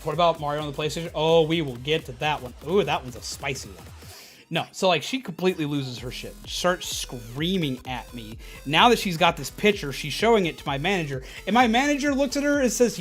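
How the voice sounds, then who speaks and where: A man streamer telling a casual, animated, rambling story about a retail customer, often restarting his sentences. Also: fairly high pitch, fairly quick, soft background music.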